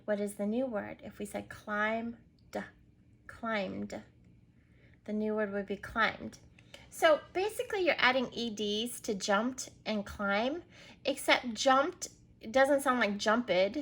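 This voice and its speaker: Slow, patient woman teacher. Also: medium pitch, fairly bright tone. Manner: slow, clear, patient prompting and spelling out letters. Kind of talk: recorded reading lesson for young children.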